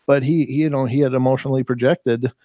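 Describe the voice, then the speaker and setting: A man's voice: medium pitch, steady tone, quick pace, mellow, dry recording. A man telling a paranormal story in casual chat, rambling and repeating words as he goes. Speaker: talk show participant.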